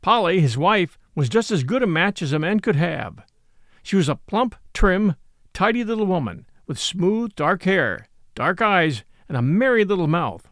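A man reading a classic novel aloud as an audiobook, in a gentle storytelling manner. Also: high-pitched, very animated, a little slow, dry recording, studio quality. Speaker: audiobook narrator. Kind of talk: scripted narration of a classic novel.

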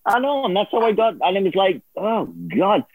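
A man's voice: high-pitched, lively intonation, a little fast, no echo. A man telling a story as a guest in a casual interview, laughing often and acting out other people's voices. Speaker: guest, former producer turned on-air host. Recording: dry tinny phone-like line.

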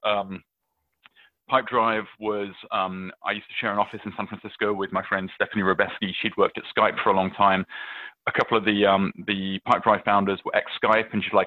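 A British man with a lowish voice tells stories casually, full of "um" and "you know" and restarted phrases. The sound is dry and thin, squeezed through a phone-like line. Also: little pitch movement, fairly quick, dry recording. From England. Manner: chatty, many fillers and restarts, storytelling. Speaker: venture capitalist guest. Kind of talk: casual interview answers.

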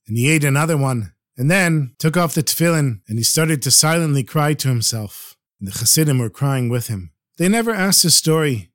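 A man's voice: mid-range voice, no room sound, studio quality. A man telling religious stories on a podcast, preaching a little and addressing listeners fondly. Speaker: storyteller. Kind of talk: podcast storytelling.

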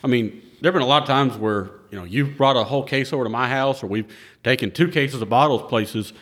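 A man's voice: mid-range voice, quick pace, a bit bright. Mid voice guy host, jokey, laughs a lot, chill. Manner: joking, laughs easily. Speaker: podcast host. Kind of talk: casual podcast chat.

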